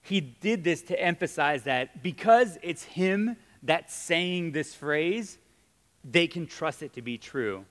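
A man's voice: on the high side, lively intonation, takes it slowly, fairly bright tone. A man preaching a sermon in a conversational, emphatic way, joking with his audience. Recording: long reverb of a hall.

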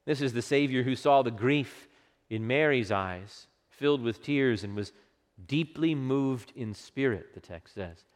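A man preaching a sermon with passion, dropping to a hush for quoted words and rising for emphasis. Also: medium pitch. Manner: impassioned preaching, hushed quotes, swelling emphasis. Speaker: pastor. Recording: long hall reverb.

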